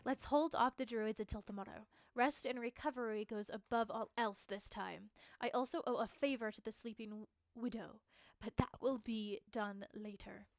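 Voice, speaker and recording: A woman's voice: a little high, steady tone, normal speed, few pauses, no room sound, natural voice. A woman streamer reading aloud the lines of a shaken but determined young woman rider from a game, putting on an accent. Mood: tired. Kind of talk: dramatic game dialogue read-aloud.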